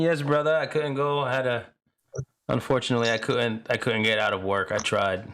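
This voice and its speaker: A man's voice: mid-range voice, fairly even intonation, fairly quick, fairly bright tone. A man hosting a livestream panel over video call, casually asking guests questions and reading out chat comments. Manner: friendly, reads out chat comments. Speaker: panel host.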